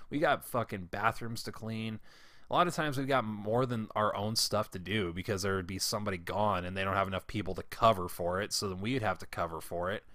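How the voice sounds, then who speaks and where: A man's voice: lowish voice, bright, forceful tone, no echo. A young man, a former school janitor, telling rambling, profane work stories in a casual, heated way. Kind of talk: casual storytelling monologue.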